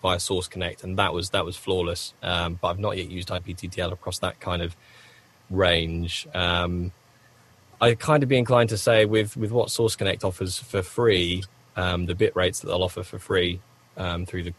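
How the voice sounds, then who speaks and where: Rambling low-voiced man. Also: flat delivery, moderate pace, fairly bright tone, slight background noise. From United Kingdom. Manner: rambling, self-correcting, frequent coughs. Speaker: voice actor guest. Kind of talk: conversational interview answers. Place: home recording booth.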